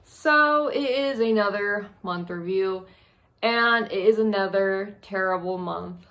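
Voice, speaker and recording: A young woman vlogging a monthly review from a small spare room, speaking haltingly and wearily while close to tears. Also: mid-range voice, fairly bright tone. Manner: halting, heavy, emotionally drained. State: on the verge of tears. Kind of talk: tearful monthly review vlog.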